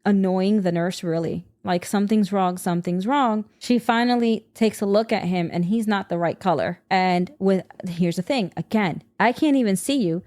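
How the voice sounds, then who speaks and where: A woman speaks at an ordinary middle pitch on a casual podcast. Her delivery is emotional and heated, full of restarts and quick asides as she relives a hard experience. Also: a little mellow. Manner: emotional, heated personal storytelling with frequent restarts. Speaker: podcast co-host.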